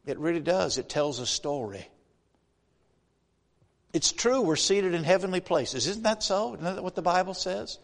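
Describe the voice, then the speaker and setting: High-voiced preacher in a reverberant hall. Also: male voice, animated, measured pace, creaky. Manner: folksy, rhetorical questions, rising to emphatic preaching. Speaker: guest preacher. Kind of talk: sermon. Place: church sanctuary. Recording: long reverb of a large hall.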